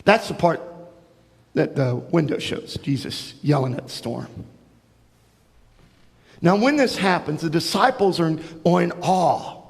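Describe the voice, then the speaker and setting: A man with a high-pitched voice preaches in a church, telling a Bible story to children. He tells it with animated energy and acts out the characters' lines. His voice rings with a long reverb through the sanctuary. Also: unhurried, creaky, long pauses. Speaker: pastor.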